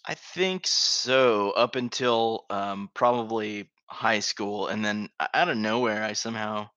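A man with a fairly low voice that sounds pushed and bright co-hosts a podcast. He tells a profane school story in a laid-back way, laughing through it, and the recording is dry and slightly dull with no room sound.

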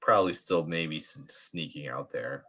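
A man co-hosting a casual comedic chat, laid-back and building absurd bits with quick asides. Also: rumbling low, pushed and bright.

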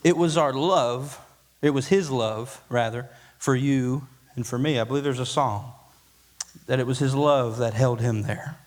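A man's voice: mid-range voice, measured pace, big-room sound. A man preaching a sermon as pastor, folksy and conversational, building to emphatic peaks. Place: church sanctuary.

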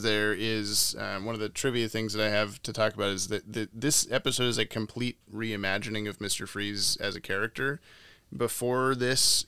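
Young male co-host, clear, bright voice, loose and jokey. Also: fairly low pitch, no echo. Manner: laughs often, tries funny voices. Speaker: podcast co-host. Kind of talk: casual chat.

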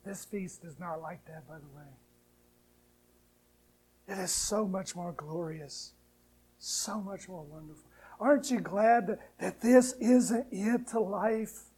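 A man preaching a sermon, moving from hushed, tender lines to loud, rising appeals and slowly reciting hymn verses. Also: sits high, a little hiss or hum, low-quality recording. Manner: preaching with sharp swings between soft, hushed lines and loud, rising ones. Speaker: pastor.

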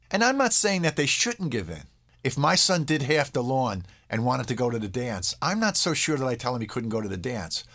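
A man's voice: medium pitch, fairly bright tone. A man speaking as a parenting expert in an interview, conversational, checking in with his listener and briefly acting out lines of kids and parents. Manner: checks in with "all right?". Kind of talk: explaining in an interview.

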